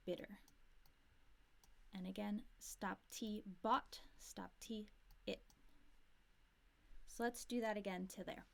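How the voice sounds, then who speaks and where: A woman with an American accent teaching English pronunciation, modeling sounds slowly and repeating lines for learners. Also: medium pitch, steady tone, vocal fry. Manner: slow, deliberate modeling of sounds with repetition. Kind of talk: pronunciation lesson.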